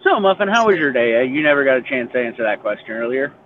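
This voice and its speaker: A man in a casual chat, relaxed and handing out folksy advice over a voice call. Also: medium pitch, fast talker. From Arizona. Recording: tinny phone-like line, faint noise.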